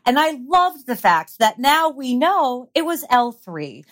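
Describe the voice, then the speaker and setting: A woman's voice: high-pitched, very animated, measured pace. A woman chatting as a guest on a podcast, enthusiastic and opinionated. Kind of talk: casual chat.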